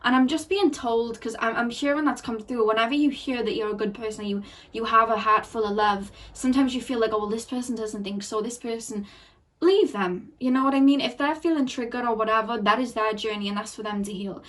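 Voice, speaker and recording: A woman's voice: on the high side, brisk, few pauses, fairly bright tone, distant mic. A woman giving an emotional, earnest tarot reading to her viewers, repeating phrases and getting teary. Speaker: tarot card reader.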